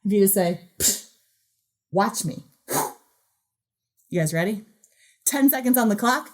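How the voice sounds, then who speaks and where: A woman giving a motivational keynote talk in a playful, animated way, acting out the voice in her head. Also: medium pitch, fairly quick. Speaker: keynote speaker.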